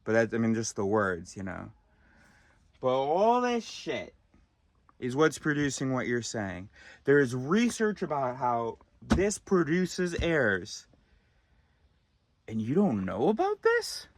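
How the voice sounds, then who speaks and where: A man's voice: medium pitch, huge pitch swings, slow, pauses often, no echo. A man ranting in a profane, exasperated monologue, recorded in a car. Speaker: vlogger.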